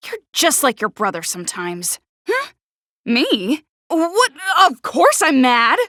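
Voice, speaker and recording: A woman voicing a prickly, sharp-tongued teenage girl in a video game, who stutters when flustered. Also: sits high, wildly swooping pitch, slow pace, dry recording, studio quality, full character voice. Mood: exasperated. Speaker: game character.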